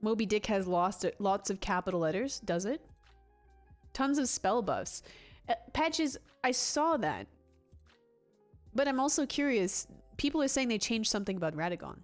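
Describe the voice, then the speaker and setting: A woman's voice: mid-range voice, expressive, moderate pace, soft background music. A woman livestreaming a game in a casual, rambling way, reading and answering chat with frequent restarts and laughs.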